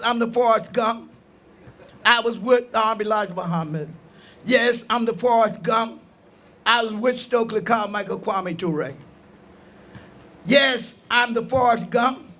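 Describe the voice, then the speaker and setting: High, bright-voiced older man preaching. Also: unhurried, pauses often. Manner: preacherly, rising to shouts, repeats refrains. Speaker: imam speaking at a ceremony. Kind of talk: impassioned outdoor speech. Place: outdoor park gathering.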